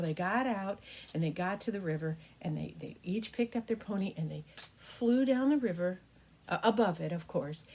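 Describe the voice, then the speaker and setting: An older woman telling an improvised bedtime story in a gentle, folksy way as a grandmother storyteller. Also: on the low side, a little hiss or hum. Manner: gentle, folksy, with fillers like "kinda" and "you know".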